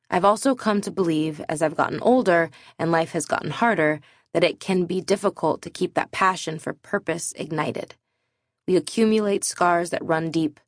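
Low-voiced woman reading her memoir. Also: no echo, clean studio sound. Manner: earnest and candid, with self-deprecating humor. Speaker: author narrating her own audiobook. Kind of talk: scripted memoir narration.

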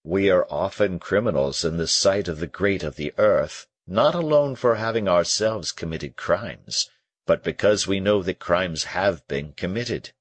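Man voicing a probing husky confessor. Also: low voice, lively intonation, measured pace, dry recording, exaggerated voice. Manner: probing, pressing questions. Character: probing, insistent male confessor. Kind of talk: audiobook character reading.

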